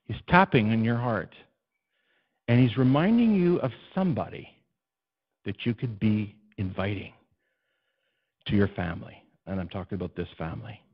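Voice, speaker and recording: A man preaching a sermon as pastor, swinging between hushed low passages and loud, soaring ones, often putting questions to the congregation. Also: expressive, normal speed, long pauses, dull audio. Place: church.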